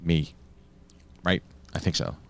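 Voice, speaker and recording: A man's voice: takes it slowly, no room sound. A man co-hosting a podcast, chatting casually, joking and sometimes trailing off into mumbles. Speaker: podcast co-host. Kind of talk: casual chat.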